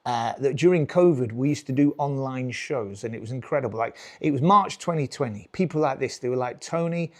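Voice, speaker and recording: A British stand-up comedian in his forties performs live with a medium-pitched, lively voice, talking briskly with few pauses. He rambles, restarts his sentences, and chuckles at his own jokes.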